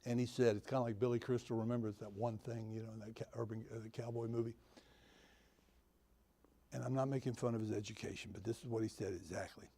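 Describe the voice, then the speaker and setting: A man talks to a conference audience about the real estate business. His voice has a gravelly, creaky edge at a middle pitch, and he tells homespun stories with dry humor, driving his points home by repeating them. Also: fairly even intonation, fast talker, mellow. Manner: storytelling, homespun humor, repeats key phrases. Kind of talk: folksy motivational talk to an audience. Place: conference venue.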